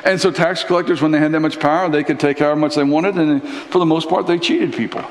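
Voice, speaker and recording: Animated preacher in echoey hall. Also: male voice, on the high side, fast, a little hiss or hum. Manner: animated storytelling, acting out Bible characters. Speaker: pastor. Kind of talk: sermon. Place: church hall.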